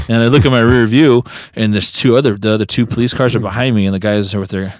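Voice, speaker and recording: A man co-hosting a casual podcast, telling a story. His voice sits at a middle pitch. He jumps way up when he acts out the people he quotes. The recording is dry and close, with no room sound. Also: quick pace, no echo. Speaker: podcast co-host.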